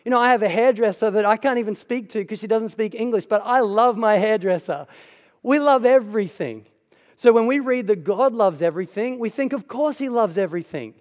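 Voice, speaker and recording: A man with a high voice preaches a sermon in a church hall, his words trailing into long reverb. He speaks conversationally and emphatically, dropping casual asides to the congregation. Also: lively intonation, brisk, darkish tone. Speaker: pastor.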